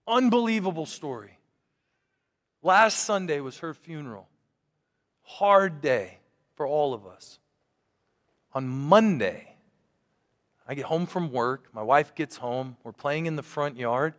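Earnest pastor in a reverberant church. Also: male voice, on the high side, animated, takes it slowly. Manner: earnest, conversational, with frequent restarts. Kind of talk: storytelling sermon.

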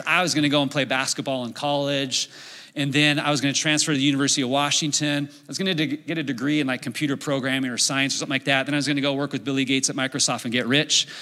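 A middle-aged man preaching a sermon as a pastor, telling a story in an animated way and acting out his own inner voice. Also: mid-range voice. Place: church sanctuary. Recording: long hall reverb.

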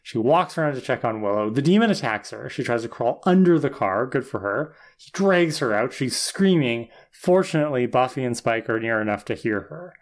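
A man's voice: mid-range voice, animated. A man with an everyday middle-range voice runs through a story scene by scene. He is a podcast co-host, dry and wry in his asides, keeping the chat loose and casual. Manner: wry, quick plot retelling.

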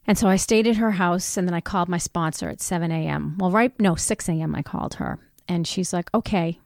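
A middle-aged woman telling a personal story in a conversation, candid and animated, acting out what people said. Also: lowish voice, a little fast, vocal fry, few pauses, no echo, studio quality. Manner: candid, animated retelling with voiced quotes. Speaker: guest.

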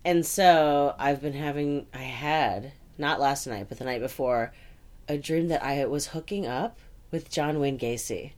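A woman's voice: low-pitched, measured pace, a little mellow. A woman co-hosting a podcast in casual chat, rambling with lots of filler words and laughing often. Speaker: podcast co-host.

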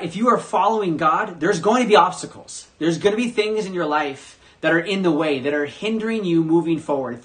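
A man preaches to his congregation with a somewhat high voice. He talks animatedly and breaks into loud, punchy bursts whenever he acts out the voices he quotes. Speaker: pastor. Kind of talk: sermon.

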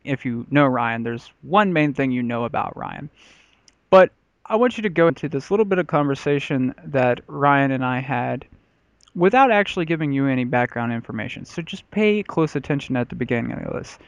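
A man's voice: mid-range voice, lively intonation, moderate pace, gravelly, no room sound, highs cut off. A man in his thirties hosting a podcast in casual, rambling, profane chat. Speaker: podcast host.

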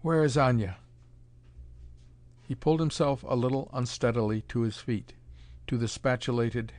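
A man reading a pulp adventure story aloud in a dramatic, measured narration. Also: mid-range voice, darkish tone.

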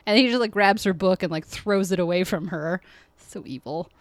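A woman's voice: lowish voice, moderate pace, no echo. A woman co-hosting a podcast, chatting casually as she recaps an episode, laughing often and acting out lines. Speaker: podcast co-host.

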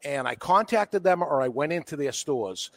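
A man's voice: on the high side, normal speed, no echo. A man with a Boston accent, a cigar retailer talking casually on a podcast and acting out quotes as he tells stories. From Boston, USA. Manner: animated storyteller, acts out quotes.

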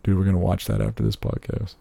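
A man in his thirties on a casual podcast, animated and swearing freely, laughing often. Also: lowish voice, fast, gravelly, no room sound. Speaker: podcast co-host.

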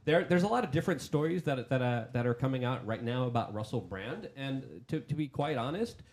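A man in mid-pitch range co-hosting a political talk podcast, arguing his case with emphasis. He stacks repeated phrases as he drives his point home. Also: expressive, fairly quick, darkish tone. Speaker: podcast co-host. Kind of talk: political discussion.

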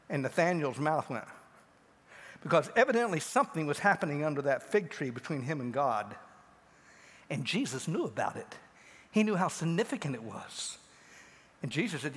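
A man preaching a sermon as pastor, telling a Bible story and acting out the speakers with big swings in pitch. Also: lively intonation, a little fast, fairly bright tone, husky. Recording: long hall reverb.

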